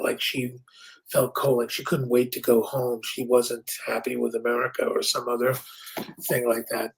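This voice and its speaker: A man in his sixties shares memories in a relaxed, reflective tone. His pitch sits mid-range. A faint hiss runs under his voice. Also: creaky, low-quality recording. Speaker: podcast co-host. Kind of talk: candid conversational storytelling.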